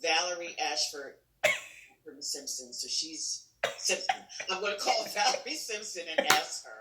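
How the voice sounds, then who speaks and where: A woman's voice: deep voice, expressive, moderate pace, echoey room, recorded from a distance, very noisy. A woman hosting a talk show interview, playful and teasing, who laughs easily as she asks her questions. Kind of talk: casual interview chat.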